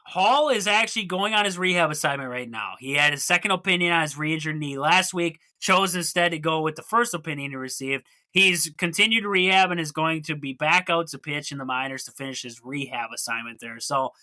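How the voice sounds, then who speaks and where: A man's voice: fairly high pitch, a little fast, hardly any pauses, bright, forceful tone. A man hosting a solo sports podcast, chatty and jokey, with rambling asides. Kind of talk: casual solo sports talk.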